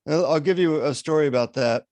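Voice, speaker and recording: A man's voice: on the high side, quick pace, no room sound. Chatty storytelling man, dry sound. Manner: chatty, animated anecdote-telling. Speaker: guest. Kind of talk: storytelling in an interview. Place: radio show recording.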